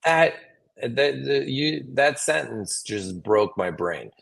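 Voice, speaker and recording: A comedian from Wisconsin with a Wisconsin accent, chatting in an interview and telling stories with lots of restarts and laughs. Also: male voice, mid-range voice, gravelly, husky. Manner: animated storyteller, quick restarts and laughs. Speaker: comedian guest. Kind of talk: casual interview chat.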